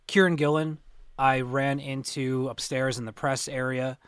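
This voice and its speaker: A young man co-hosting a podcast, telling long convention stories. He rambles and restarts often, at an ordinary pitch. The sound is dry and close. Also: little pitch movement, slow, a bit bright, smooth, no echo. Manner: rambling storyteller, many restarts. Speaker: podcast co-host. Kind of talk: casual podcast chat.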